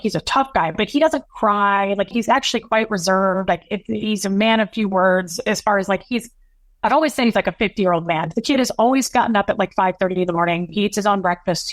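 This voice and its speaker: A woman in her thirties, a guest on a podcast, tells an emotional personal story earnestly and haltingly, restarting often and quoting dialogue. Her voice is mid-range, and the recording is dry.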